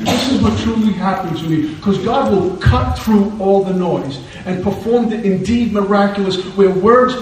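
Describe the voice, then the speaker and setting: Man, middle-aged, earnest testimony, wry humor, higher voice, distant mic in a big room. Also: a little hiss or hum. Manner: earnest, storytelling with wry laughs. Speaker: recovery meeting speaker. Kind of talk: personal testimony talk. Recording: very echoey hall, distant mic.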